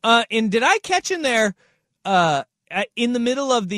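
A man hosting a podcast in casual chat, animated and riffing, acting out quotes. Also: extremely high pitch, normal speed, no room sound, studio quality. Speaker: podcast host.

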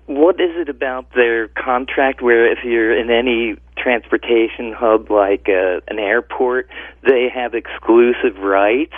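A man's voice: mid-range voice, no room sound. A man calling in to a radio show, friendly and rambling, chuckling as he asks questions. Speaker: caller. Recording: tinny phone line.

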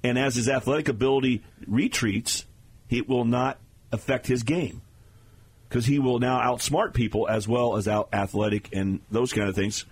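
A man's voice: medium pitch, fairly even intonation, normal speed, slightly rough. A man talking as a guest analyst on a sports radio show, explaining plays in an emphatic way.

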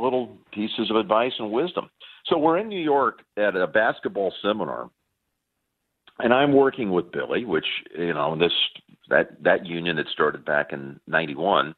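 A man guest on a sports interview, telling warm anecdotes with plenty of fillers and restarts. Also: lowish voice. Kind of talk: phone interview, reminiscing. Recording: tinny phone line.

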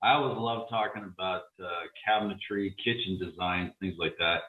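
A man's voice: low voice, normal speed. A man hosting a radio talk show, chatty and upbeat with lots of fillers. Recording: distant, echoey, phone-like sound.

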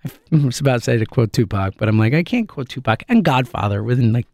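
A man hosting a sports talk show solo, ranting in an animated, sarcastic way. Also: mid-range voice, fast talker, no echo, studio quality. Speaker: sports podcast host.

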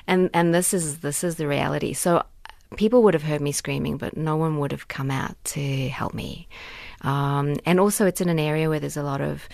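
Low gravelly woman in her 40s, candid and earnest, lots of ums, dry close mic. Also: moderate pace, a little mellow, no room sound. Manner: candid and earnest, many fillers and restarts. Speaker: guest, activist and survivor. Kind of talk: personal testimony in conversation.

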